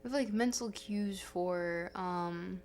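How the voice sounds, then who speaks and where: Her voice is fairly low and she takes it slowly as the young host wanders through casual livestream chat, often correcting herself. A slight hiss or hum is audible over soft guitar music.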